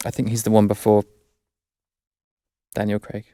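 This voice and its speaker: A young English man with an English accent, chatting casually as a guest, hesitant and self-correcting, quick to laugh. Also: fairly low pitch, completely flat delivery, warm tone, dry recording. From England. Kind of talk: casual chat.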